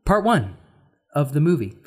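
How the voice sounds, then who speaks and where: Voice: mid-range voice, sing-song, moderate pace, a little mellow, husky. A podcast co-host in casual chat, rambling and searching for words as they talk.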